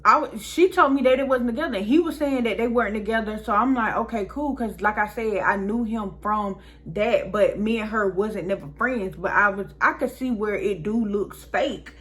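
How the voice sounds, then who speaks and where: A woman's voice: medium pitch, moderate pace, few pauses, fairly bright tone. A young woman vlogger telling a story in a casual, chatty way, talking straight to her viewers.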